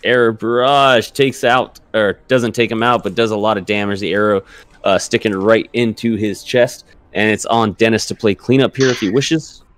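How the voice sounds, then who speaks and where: A man acting as dungeon master, narrating a casual tabletop game in a relaxed way and laughing often. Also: lowish voice, moderate pace, no echo, soft background music.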